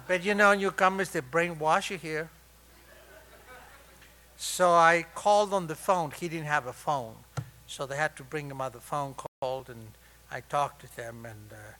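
A man in his sixties sharing a personal story at a recovery meeting, with wry, self-mocking humor that turns tender and soft. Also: fairly high pitch, normal speed.

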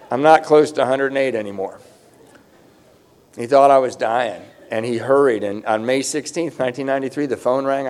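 A man's voice: mid-range voice, darkish tone. A middle-aged man giving a personal recovery testimony at a conference, conversational and self-mocking, now and then raising his voice for emphasis.

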